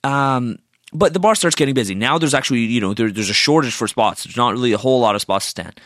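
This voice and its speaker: A man's voice: mid-range voice, fast, fairly bright tone, no echo, clean studio sound. A young man telling a story in a casual rant, exasperated, swearing and sarcastic.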